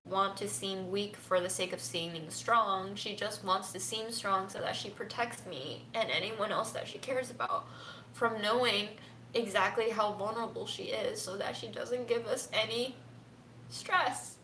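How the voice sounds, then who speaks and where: A young woman speaking softly and haltingly, close to tears, in a personal livestream from home. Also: medium pitch, slight background noise. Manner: soft, halting and tearful, often near a whisper. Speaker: vlogger. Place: home room. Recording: echoey room with faint ambience.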